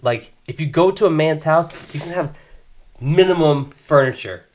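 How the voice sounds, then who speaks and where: A man's voice: a little high, normal speed, a little mellow. A young man co-hosting a casual podcast, laid-back and candid, swearing freely and laughing often. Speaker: podcast co-host.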